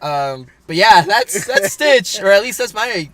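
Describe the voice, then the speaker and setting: High, lively young man chatting. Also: measured pace, a crowd in the background. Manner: laughs often, rambling with fillers and restarts. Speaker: podcast co-host. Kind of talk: casual chat.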